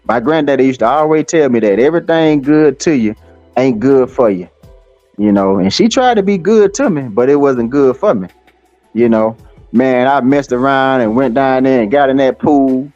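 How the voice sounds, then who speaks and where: A man's voice: mid-range voice, lively intonation, moderate pace, darkish tone, dry recording, faint music behind. Man, rambling profane stream rant, fillers galore; dry, dull lo-fi audio. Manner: cursing, taunting, rambling with many fillers. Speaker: livestream host.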